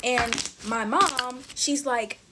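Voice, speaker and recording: A woman's voice: high voice, drawn-out words, very noisy. A woman in her twenties chatting through a casual storytime while playing with slime, full of fillers and talking to viewers as y'all. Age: 20s. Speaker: TikTok storyteller.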